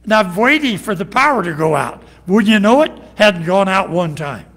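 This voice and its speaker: A man's voice: sits high, expressive, normal speed, fairly bright tone. A man preaching an evening worship sermon as pastor, with folksy, homespun storytelling and earnest emphasis, ending in prayer. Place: church sanctuary. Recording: long reverb of a large hall.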